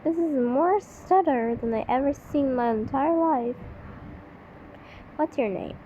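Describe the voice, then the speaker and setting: A woman's voice: sits high, measured pace, warm tone, highs cut off. Woman host with a childlike voice, sarcastic story reader, faint hiss on the track. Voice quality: childlike-sounding voice. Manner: mocking, incredulous asides. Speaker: channel host reading a story. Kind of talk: sarcastic reading commentary.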